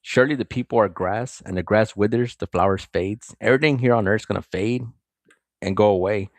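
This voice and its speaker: A man's voice: fairly low pitch, fairly quick, dry recording. A man reading a chapter of scripture aloud and breaking off to comment on it and greet his viewers. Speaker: scripture reader.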